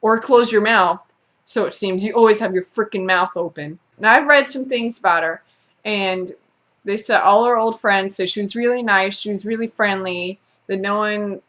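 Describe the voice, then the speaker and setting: A woman's voice: mid-range voice, normal speed, fairly bright tone. Blunt, swearing woman vlogger ranting. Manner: sarcastic, blunt, swears freely. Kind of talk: casual ranting monologue.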